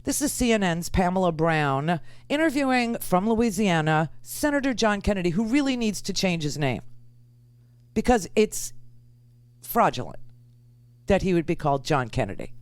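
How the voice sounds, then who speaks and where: A woman's voice: lowish voice, sing-song, normal speed, no room sound. A woman radio host giving sarcastic, ranting political commentary.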